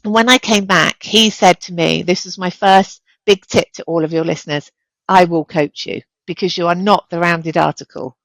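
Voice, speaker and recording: Energetic middle-aged woman telling stories. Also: on the low side, normal speed, gravelly, hardly any pauses, no echo, poor audio. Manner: energetic, animated storyteller, acts out quoted dialogue. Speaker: guest, chief executive. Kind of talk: candid interview conversation.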